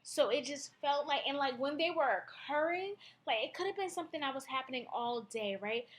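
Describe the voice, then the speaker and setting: Young woman venting to her followers, high voice, lots of likes and restarts, emotional. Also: lively intonation. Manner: halting and emotional, with many fillers and restarts. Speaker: blogger. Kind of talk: personal confessional monologue.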